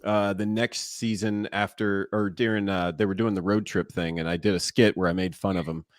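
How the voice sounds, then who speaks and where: A man's voice: deep voice, moderate pace, dry recording, clean studio sound. A man in his forties, a former ballplayer and guest, telling stories in a casual interview and laughing often. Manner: animated, laughs often mid-story. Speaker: guest, former baseball player and broadcaster.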